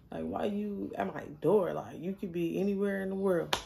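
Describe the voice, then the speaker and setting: A young adult woman telling a story in a casual, blunt, animated way, swearing freely. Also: mid-range voice, moderate pace, vocal fry, slight background noise. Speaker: storyteller vlogger.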